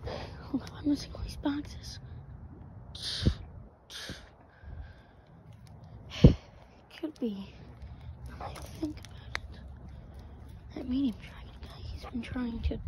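Brief: a performer playing a grumpy British-accented loner with a lisp, voice changer on, slow half-whispered grumbling over heavy hiss. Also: high voice. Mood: muttering. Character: grumpy young drone-tinkering loner living in woods lab. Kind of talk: muttered solo role-play. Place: outdoors in woods.

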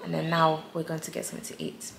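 A young English woman talks into her phone in a chatty, laughing vlog voice, her pitch sitting a little low. Street noise and passing traffic are clearly heard behind her. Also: completely flat delivery, quick pace. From England. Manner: chatty, laughs often, sometimes whispering. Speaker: travel vlogger. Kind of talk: casual vlog chat.

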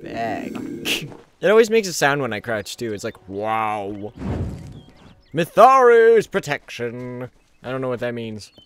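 Excitable young man yelling at a game. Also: medium pitch, quick pace. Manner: excitable, jokey, swears and shouts at enemies. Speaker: gameplay commentator. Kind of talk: let's play commentary.

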